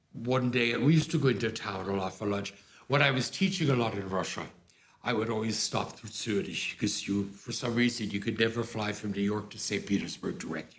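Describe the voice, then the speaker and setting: An older man telling personal anecdotes to an audience, acting out what others said with lively jumps in his voice. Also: fairly low pitch. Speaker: former opera music staff head, speaker. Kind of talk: storytelling talk to an audience.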